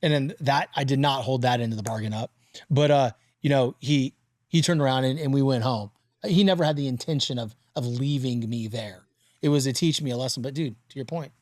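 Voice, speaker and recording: A man in his forties hosting a podcast, telling stories in a casual, animated way and swearing freely. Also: mid-range voice, brisk, dry recording, clean studio sound. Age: 40s. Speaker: podcast host. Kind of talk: casual interview chat.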